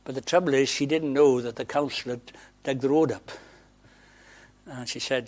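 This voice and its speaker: A man from Wales preaching a sermon in a conversational way, moving between loud emphasis and quiet asides. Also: mid-range voice, fairly even intonation, normal speed, pauses often.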